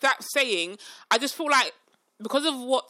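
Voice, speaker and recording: A woman's voice: high voice, expressive, moderate pace, pushed and bright. A young woman in casual chat, giving firm opinions and often asking if she's understood. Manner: opinionated, keeps asking "do you know what I mean".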